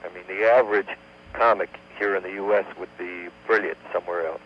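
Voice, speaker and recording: A man, a comedian guest on a radio talk show, telling a long joke at an unhurried pace and humming tune bits as he goes. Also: low voice, fairly even intonation. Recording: dull lo-fi AM radio archive with faint hum.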